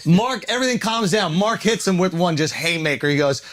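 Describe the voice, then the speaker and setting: A comedian and podcast host who tells a story in casual chat, animated and laughing as he acts out the other people. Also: sits high, normal speed.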